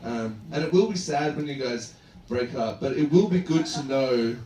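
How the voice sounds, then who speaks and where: Australian male comic, lively sing-song delivery, off-mic in a roomy club, noisy room, loose rambling roast patter. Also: mid-range voice, normal speed. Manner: rambling, loose, full of fillers like man and dude. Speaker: stand-up comedian. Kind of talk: live roast set. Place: comedy club stage. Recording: echoey club room, distant mic, background noise. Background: audience laughter.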